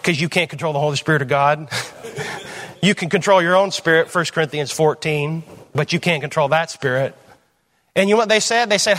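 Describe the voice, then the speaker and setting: A man preaching a teaching sermon in a church, firing off rhetorical questions, rising to loud emphasis and dropping to low asides. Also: expressive, a little fast.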